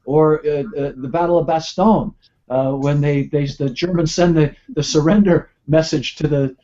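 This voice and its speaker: Fervent man with a mellow raised voice. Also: fairly high pitch, steady tone, moderate pace. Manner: stumbling starts, then fervent. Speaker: guest, fire captain. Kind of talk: earnest panel talk. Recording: muffled lo-fi web call audio.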